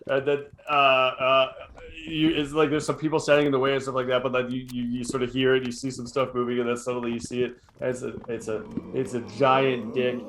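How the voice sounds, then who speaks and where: A man running an improvised tabletop horror comedy as game master, narrating haltingly with many fillers and bursts of laughter. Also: mid-range voice, level tone, a bit bright, slight background noise.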